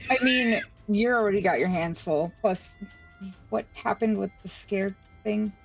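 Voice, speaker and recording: A woman's voice: mid-range voice, measured pace, gravelly, faint music behind, low-quality recording. A woman playing a character in a tabletop game, thoughtful and a little hesitant. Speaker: player.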